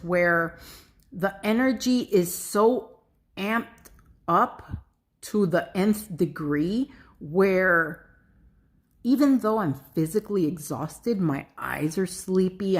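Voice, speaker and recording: A middle-aged woman telling a personal spiritual story in a casual, animated way, swearing freely and using lots of fillers. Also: medium pitch, slow. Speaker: spiritual vlogger.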